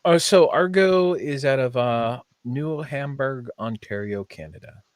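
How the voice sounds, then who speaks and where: A man's voice: mid-range voice, unhurried, no echo. A man co-hosting a podcast in casual chat, chatty and speeding up in bursts. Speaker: podcast co-host.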